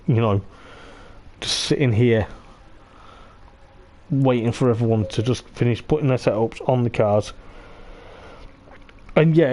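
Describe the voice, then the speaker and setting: A man giving live commentary on an online racing league, excitable and repetitive, laughing often, his voice going hoarse. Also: mid-range voice. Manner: excitable, repeats "I tell you what", laughs often. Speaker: race commentator.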